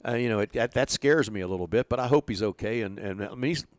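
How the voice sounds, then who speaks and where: A man's voice: lowish voice, fast talker, no echo. Older man telling rambling baseball stories. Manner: rambling, chuckling anecdotes with restarts. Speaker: retired pitching coach, interview guest. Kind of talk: casual storytelling.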